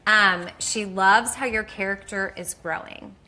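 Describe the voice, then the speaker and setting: A woman's voice: mid-range voice, unhurried, bright, forceful tone, slight background noise, rough recording. A woman from Texas hosting a casual interview, bubbly and chatty, reading out fan questions. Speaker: host.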